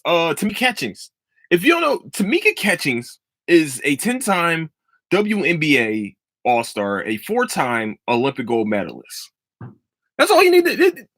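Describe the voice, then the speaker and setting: A man hosting a casual sports podcast, giving emphatic, profane opinions in an animated way. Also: mid-range voice, dry recording. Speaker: podcast host.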